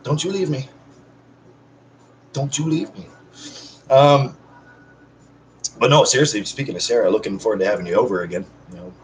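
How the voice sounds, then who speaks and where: Casual male vlogger at home, lowish voice, rambly and self-mocking, talks straight to viewers in one take. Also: slight background noise, poor audio. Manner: rambling, joking, self-deprecating asides to viewers. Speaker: channel host. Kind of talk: casual unedited one-take vlog chat.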